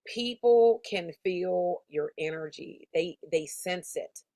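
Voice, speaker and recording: A woman's voice: on the low side, slow pace, dark tone, no echo. A woman sales coach giving a motivational lesson in an emphatic, conversational, slangy storytelling manner. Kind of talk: motivational teaching talk.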